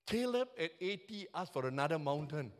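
Singaporean-accented male pastor, 70s, high voice, fervent and carried away when he preaches. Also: big pitch swings, a little fast. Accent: Singaporean English. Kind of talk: sermon.

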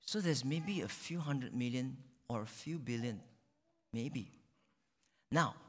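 A male pastor preaching a sermon, dramatic, with sudden loud peaks and drawn-out phrases. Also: a little high. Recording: long reverb of a large hall.

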